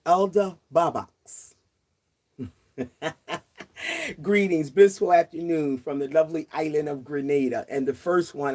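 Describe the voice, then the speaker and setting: Chatty woman in her sixties hosting outdoors. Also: low-pitched. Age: 60s. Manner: chatty, laughs often, warmly greets viewers. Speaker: livestream host. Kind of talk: casual livestream chat.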